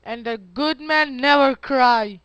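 A man giving casual gameplay commentary, excitable and talking to himself as he plays. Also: very high voice, takes it slowly, clean tone, dry recording, muffled recording. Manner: excitable, yelps and talks to himself while playing. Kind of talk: casual let's-play commentary.

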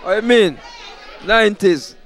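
A man with a Jamaican accent, a party promoter giving loud hype shout-outs in patois to guests at his outdoor event. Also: sits high, lively intonation, a little slow, a faint crowd.

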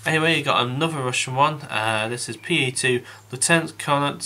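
A man's voice: medium pitch, a little fast, pushed and bright, slight background noise. A man giving a casual, rambling review of a model kit, thinking aloud with frequent restarts and calling his viewers guys.

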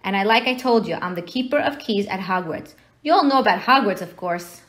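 A woman reading aloud and voicing a huge, gruff, jolly man with a rough rustic dialect and a quick temper, raised in pitch. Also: lively intonation, fairly bright tone, lightly acted. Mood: jovial.

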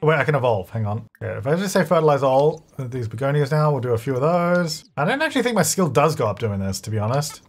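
A man hosting a gaming channel, thinking aloud in chatty gameplay commentary, self-correcting as he goes and breaking into excited bursts. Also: medium pitch. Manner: excitable bursts, quick laughs. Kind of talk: let's-play gameplay commentary.

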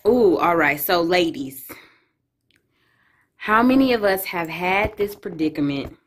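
A woman's voice: fairly low pitch, lively intonation, unhurried. A woman chatting on a vlog, joking with playful asides. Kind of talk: casual chat on a vlog.

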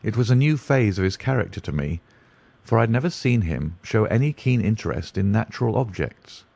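A man narrating a classic story in a measured, even manner. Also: fairly low pitch, gravelly, husky, dry recording.

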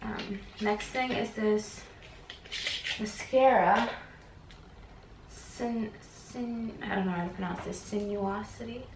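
A chatty young woman talks through an unboxing vlog at home, gushing over each item. She sits back from the camera in a roomy, echoey space. Steady household noise runs behind her voice. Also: mid-range voice, slow pace, long pauses, recorded from a distance. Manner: chatty and gushing, lots of "like" and "oh my god". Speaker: beauty vlogger. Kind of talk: casual vlog chat while unboxing.

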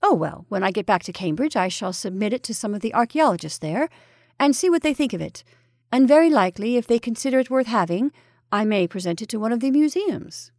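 A woman's voice: on the high side, lively intonation, a little fast, a little mellow, no room sound, studio quality. A woman voicing a fussy, fair-minded male professor who talks in a prim, slightly defensive way. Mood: reasoning.

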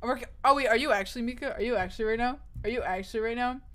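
A woman's voice: a little high, rapid-fire, a bit bright. A young woman streamer chatting casually with her viewers, rambling and restarting a lot, nervous, with her voice cracking. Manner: rambling, restarts often, swears. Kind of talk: casual chat with live viewers.

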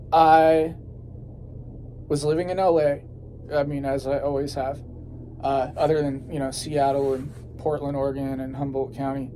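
Casual young male host, rambly and profane, voice sitting a bit high, faint hum underneath. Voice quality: rambling, laid-back, swears freely, many fillers. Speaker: podcast host and rapper. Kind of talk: casual chat.

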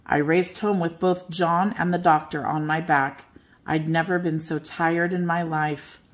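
An older woman reads a children's bedtime story aloud. Her voice sits a little low, and her reading is gentle and expressive. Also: unhurried.

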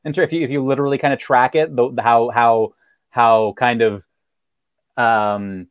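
A man's voice: mid-range voice, steady tone, a little slow, smooth, no echo, dull audio. A man in a casual discussion, talking hesitantly and rambling with many fillers. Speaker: panelist.

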